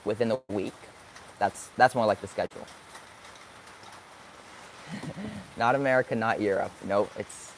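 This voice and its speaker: A late-teen guy chatting on a live stream, working through his answers out loud and pausing to find the right words. His voice sits in an ordinary middle register, upbeat with flashes of excitement. Faint background noise sits under the voice. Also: mid-range voice. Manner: thinking aloud, searching for words; upbeat, sometimes hyper. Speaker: vlogger. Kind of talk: live stream chat answering viewer questions.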